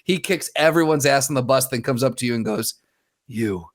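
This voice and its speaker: A man co-hosting a casual podcast, joking through relaxed banter. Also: mid-range voice, quick pace. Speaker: podcast co-host.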